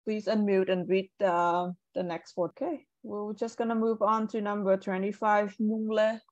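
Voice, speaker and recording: A woman's voice: mid-range voice, steady tone, moderate pace, a little mellow, no echo. A woman teaching medical English on a video call, patiently correcting pronunciation and praising students. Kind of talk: online class instruction. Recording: muffled dry video call audio.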